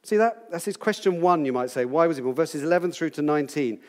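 A man's voice: a little high, expressive, fast, in a large hall. A man in his sixties, possibly from Britain, teaching a Bible passage to a group in a chatty, playful way, quizzing his listeners as he goes. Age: 60s.

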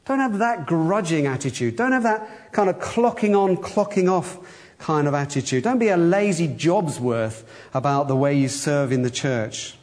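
A man's voice: a little high, animated, normal speed, a little mellow. A middle-aged man, a church elder, giving a conversational sermon with wry humor and acted-out quotes.

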